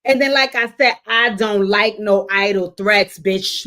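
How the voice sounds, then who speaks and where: A woman hosting a casual reality TV commentary show, profane and animated, with sudden shouting bursts and mimicked voices. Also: medium pitch, a little slow. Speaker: show host.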